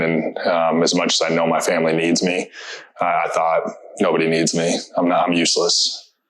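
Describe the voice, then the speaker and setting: A man in his thirties giving a personal testimonial in an interview, speaking in a halting, reflective way with many fillers and restarts. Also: low voice, a bit bright, rough recording.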